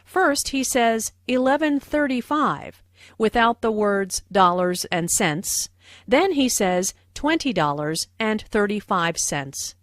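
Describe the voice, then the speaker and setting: Slow, lively-voiced woman teacher. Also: mid-range voice, dry recording, studio quality. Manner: careful, explanatory. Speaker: English teacher. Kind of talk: slow, clear lesson narration.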